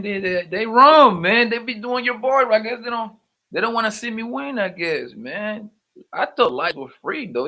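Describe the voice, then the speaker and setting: Bright-voiced man chatting on a livestream. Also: high-pitched. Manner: loose slangy banter, calls everyone "man", playful teasing. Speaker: livestream host. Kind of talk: casual livestream chat, reading viewer names.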